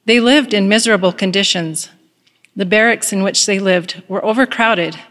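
A woman giving a calm, earnest devotional talk at the start of a semester and reading a story aloud. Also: mid-range voice, moderate pace, in a large hall. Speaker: devotional speaker.

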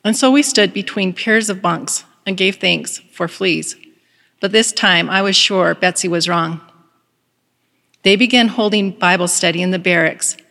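Woman giving a calm devotional talk, measured and earnest, big reverby hall. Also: on the low side, creaky. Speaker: devotional speaker. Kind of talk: devotional talk with a read-aloud story.

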